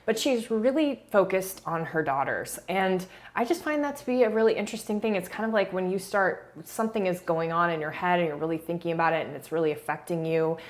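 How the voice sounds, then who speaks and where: A woman's voice: on the low side, a little fast, few pauses. A woman casually talking through a reality show scene, chatty and hedging, often restarting her sentences. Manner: chatty, hedging, frequent restarts and soft laughs. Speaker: reality TV commentator. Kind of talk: casual video commentary.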